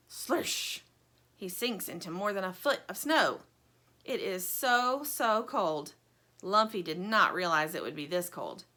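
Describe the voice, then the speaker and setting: A woman reading a children's story aloud in an expressive, animated way. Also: medium pitch.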